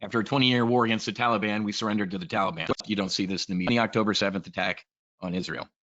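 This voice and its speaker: A man's voice: on the low side, fairly even intonation, rapid-fire, a bit bright, lo-fi sound. A man giving a casual, blunt and profane trade briefing, talking in a rambling way as a trading educator.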